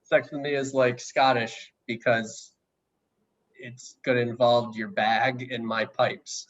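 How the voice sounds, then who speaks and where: A man's voice: medium pitch, level tone, slow pace, highs cut off. A man performing improv one-liners on a video call, joking and laughing at his own lines.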